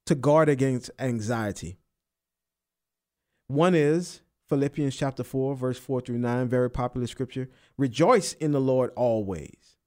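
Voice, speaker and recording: A pastor with a darkish-toned voice preaches a sermon, repeating and stressing key phrases. His pitch rises on the most emphatic ones.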